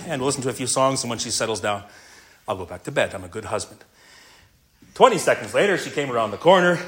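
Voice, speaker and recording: A man's voice: mid-range voice, animated, quick pace, a bit bright, breathy edge. A middle-aged male pastor delivering a sermon to men, earnest and mixing in a humorous personal story.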